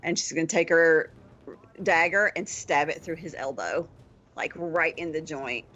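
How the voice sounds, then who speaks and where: Low-voiced woman playing a tabletop game. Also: measured pace, a bit bright, lo-fi sound. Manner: gleeful, brash describing of violent actions. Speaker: player. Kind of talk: tabletop role-play.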